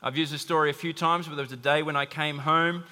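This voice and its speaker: Bright-voiced male pastor in a reverberant hall. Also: a little high, fairly even intonation, fast. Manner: conversational preaching with asides to the congregation. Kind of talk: sermon. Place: church hall.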